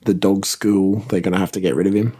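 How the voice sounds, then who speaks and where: An easygoing man co-hosting a casual chat podcast, who hedges his views and laughs often. His voice sits a little on the low side. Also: little pitch movement, fast talker, warm tone, husky. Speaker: podcast co-host.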